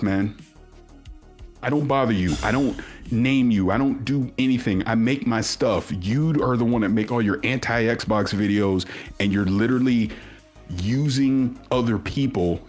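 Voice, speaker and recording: A man telling a long personal story in casual chat, animated, acting out what others said. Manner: animated storyteller, acts out quoted voices at much higher pitch. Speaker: podcast guest.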